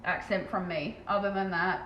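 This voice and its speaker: An Australian woman who paints terrain chats casually on her live stream, talking very fast and swearing offhandedly. Her voice sits on the low side with a steady tone and cut-off highs, recorded in an echoey room with faint background noise.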